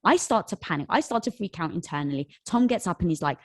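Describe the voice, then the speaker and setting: A woman in her thirties, a company co-founder, telling an animated story in an interview and acting out what people said. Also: on the low side, fast, dry recording, clean studio sound. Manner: lively storyteller who acts out quoted dialogue.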